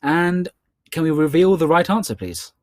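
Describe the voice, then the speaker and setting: A man with a Scottish accent hosting an online quiz in a chatty way, repeating each question slowly. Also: a little high, expressive, a little mellow, no room sound. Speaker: quiz host.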